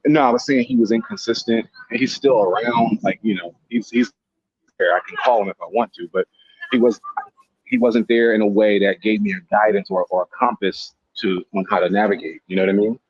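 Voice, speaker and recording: A man with a low, husky voice talks through his point in earnest, circling back and repeating words. The audio is dull and lo-fi, with a dry, close sound and no room echo. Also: fairly even intonation, fairly quick. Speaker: guest speaker on a live stream panel. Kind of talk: casual discussion.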